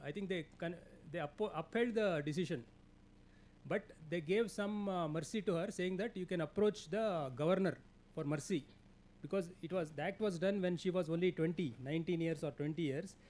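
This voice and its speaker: A man with an Indian English accent giving a classroom lecture, halting with fillers and restarts and telling students what to underline. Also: high-pitched, darkish tone. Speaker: lecturer on labour law. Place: lecture hall.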